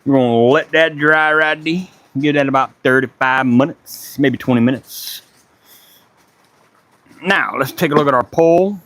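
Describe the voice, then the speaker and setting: A man from Charleston with a Gullah Geechee accent and a voice sitting a little high for a man. He chats easily with his livestream viewers, dropping casual curses as he works away in his woodshop. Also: a little slow, a bit bright, slight background noise. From Charleston, South Carolina. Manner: laid-back, chatty, talks to viewers while working, swears casually. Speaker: woodworking livestream host. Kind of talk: casual livestream chat while working.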